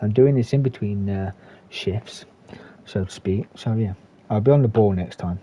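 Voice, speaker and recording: A man commentating a sim race and hosting the league, excitable and informal, calling the results. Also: on the low side, normal speed.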